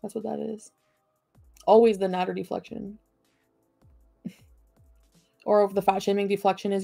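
Angry sarcastic woman streamer, dark tone, dry desk-mic sound with faint music. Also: medium pitch, flat delivery, normal speed, vocal fry, pauses often, no echo. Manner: profane, combative and sarcastic. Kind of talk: livestream rant at chat.

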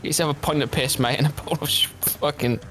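A man's voice: on the high side, steady tone, quick pace, a bit bright. A man gaming with friends, tacking mate onto nearly every line. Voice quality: ends lines with mate. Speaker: gamer. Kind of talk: casual gaming banter. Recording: faint game music underneath.

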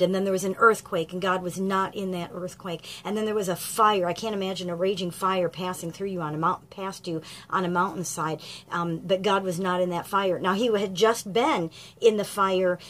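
A woman giving an earnest, gentle devotional message of encouragement to grieving parents, with frequent ums as she retells a scripture story. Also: medium pitch, a little hiss or hum. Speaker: grief ministry speaker.

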